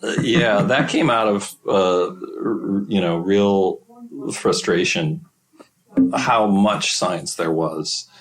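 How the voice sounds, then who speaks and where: Low-voiced American man, halting storyteller. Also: a crowd in the background, poor audio. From Wisconsin, USA. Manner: halting, laughs often while telling stories. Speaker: guest screenwriter and novelist. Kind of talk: casual interview answers.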